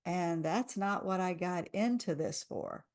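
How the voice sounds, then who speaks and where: Low-voiced woman guiding a tapping session. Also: a little slow, darkish tone. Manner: soothing, leads repeat-after-me affirmations. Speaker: tapping coach.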